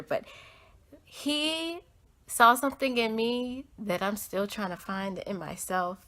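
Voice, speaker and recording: This young American podcast host speaks slowly in a bright, forceful voice on the high side. She shares a heartfelt personal story in an earnest, rambling way, filled with "like" and "um".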